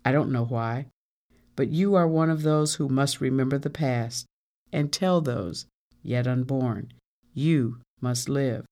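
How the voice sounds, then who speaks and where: A storybook narrator voicing a stern older captive woman who speaks in a cold, firm, measured way, over guitar music. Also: mid-range voice, a little mellow. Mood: earnest.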